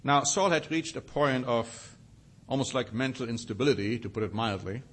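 A man's voice: mid-range voice, normal speed. Man preaching a Bible sermon. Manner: reads scripture aloud with rising emphasis, then comments.

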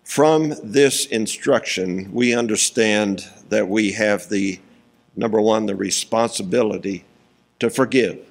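Preaching a sermon, a man with a fairly low voice and vocal fry reads scripture slowly and deliberately. He pauses for emphasis and chuckles between points.

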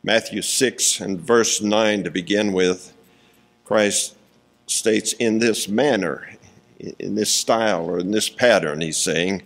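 A man preaching a sermon, reading scripture slowly and deliberately, pausing for emphasis and chuckling between points. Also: deep voice, steady tone, gravelly.

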